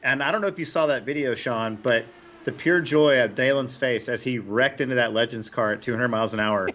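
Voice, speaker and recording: A man's voice: mid-range voice, a little fast. Chatty male race commentator, dull audio. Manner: relaxed, chatty color commentary. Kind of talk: live sim-racing commentary.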